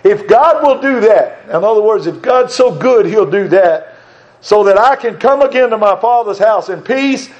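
High-voiced older preacher, earnest. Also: male voice, animated, moderate pace, a little mellow, muffled recording. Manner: earnest, emphatic, repeats phrases for stress. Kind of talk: sermon.

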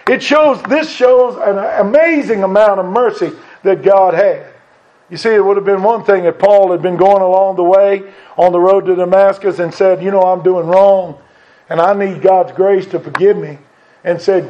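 A man's voice: sits high, a little mellow. A man preaching an earnest sermon, quoting scripture and pressing his points with repetitions. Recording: dull lo-fi recording.

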